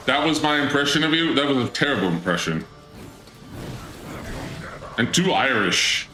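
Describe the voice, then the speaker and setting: A man's voice: mid-range voice, very animated, normal speed, pauses often, pushed and bright. A man hosting a live gameplay stream, bantering playfully with chat and playing up a mock-grand persona. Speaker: streamer, channel host. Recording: roomy echo with game music underneath.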